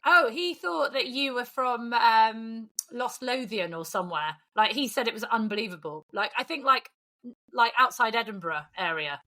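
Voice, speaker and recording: A woman co-hosting a podcast, chatting in a teasing, brisk and direct way. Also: fairly high pitch, lively intonation, pushed and bright. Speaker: podcast co-host. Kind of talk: casual chat.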